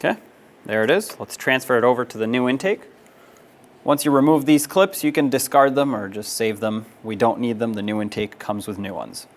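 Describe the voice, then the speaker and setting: A man's voice: medium pitch, fairly quick. Plain-spoken man explaining car repair. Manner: practical and step-by-step, with frequent "uh" fillers. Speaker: auto repair instructor. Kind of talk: instructional how-to narration.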